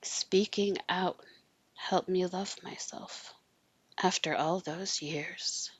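A woman guest sharing personal stories earnestly, sometimes dropping to a soft whisper. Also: fairly low pitch, fairly even intonation, takes it slowly, breathy edge, dry recording. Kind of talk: personal storytelling in conversation.

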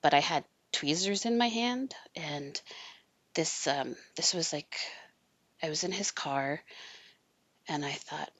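A woman guest sharing personal stories earnestly, sometimes dropping to a soft whisper. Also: deep voice, slow, long pauses, dry recording. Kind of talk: personal storytelling in conversation.

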